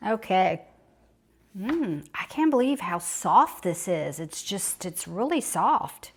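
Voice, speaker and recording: A woman talks slowly and unhurriedly as she films a casual baking vlog at home. She gushes and exclaims often, and her voice is picked up by a small clip-on microphone in her kitchen. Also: lowish voice, expressive.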